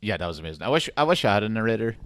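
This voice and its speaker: Laid-back male co-host, expressive pitch, swears a lot. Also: racing, no echo, clean studio sound. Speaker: podcast co-host. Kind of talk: casual film chat.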